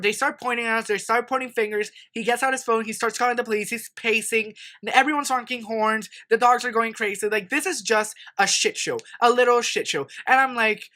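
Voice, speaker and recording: A young man in his twenties telling a profane, animated story for his vlog, mocking the people in it. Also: very high-pitched. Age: 20s. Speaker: vlogger.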